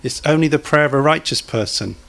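A man's voice: on the high side, fairly quick, vocal fry, a bit bright. Conversational male preacher. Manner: conversational, asks the congregation questions, jokes. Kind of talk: sermon.

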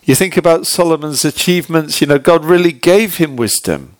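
A man's voice: on the high side, brisk, no room sound. A man preaching a sermon in a conversational, storytelling way, using many "you know"s and asking his listeners direct questions. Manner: retells a joke in a relaxed way.

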